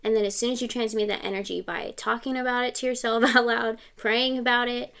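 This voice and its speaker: A woman's voice: on the high side, steady tone, fairly quick, a bit bright, smooth. A woman giving a casual tarot reading to camera, chatty and reassuring, often checking in with "okay?". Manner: quotes song lyrics and sings snatches. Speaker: tarot reader.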